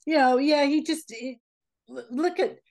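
A woman's voice: sits high, a little slow. Woman telling stories with laughter. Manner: animated, laughs often, acts out quoted dialogue. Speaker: interview guest. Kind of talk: casual anecdotal storytelling.

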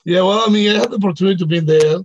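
A man's voice: high-pitched, rapid-fire. Venezuelan-accented man in his fifties. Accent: Venezuelan Spanish. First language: Spanish. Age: 50s. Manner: relaxed, laughs easily, fills with "you know". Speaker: guest. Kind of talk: casual interview chat. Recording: dull lo-fi dry sound.

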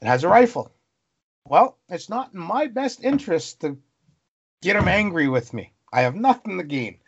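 A calm, wary forest Sasquatch, as a man puts him on, thinking out loud in a slow, reasoning way. The voice has a gravelly grain, and the recording sounds dull and lo-fi. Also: high-pitched, pitched above the performer's own voice, full character voice.

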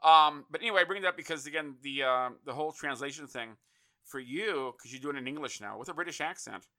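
Bright-voiced male interview host. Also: on the high side, fast talker. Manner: rambling, repeats words while thinking. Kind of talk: casual interview chat.

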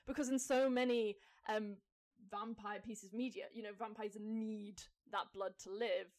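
A woman's voice: mid-range voice, fairly even intonation, moderate pace, a little mellow. A woman guest on a casual fan podcast, talking with enthusiasm and laughing often.

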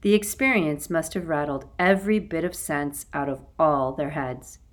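A woman reading a children's novel aloud as an audiobook narrator, in an expressive storytelling manner. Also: low voice, moderate pace. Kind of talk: scripted narration.

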